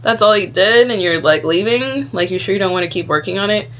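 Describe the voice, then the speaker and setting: A woman voicing her own middle-aged mother, who quickly and dismissively belittles her. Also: mid-range voice, a bit bright, lightly acted.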